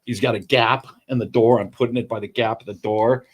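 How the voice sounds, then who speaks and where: A man as a podcast guest, chatting casually and telling animated stories. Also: mid-range voice, fairly quick. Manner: animated, chatty storyteller with restarts. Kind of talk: casual chat, storytelling.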